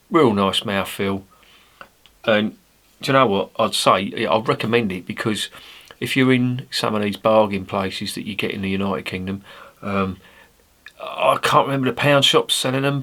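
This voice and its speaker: A man's voice: lowish voice, fairly bright tone. Rambling, sweary man. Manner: rambling, sweary, blunt banter. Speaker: beer reviewer. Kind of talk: casual review monologue.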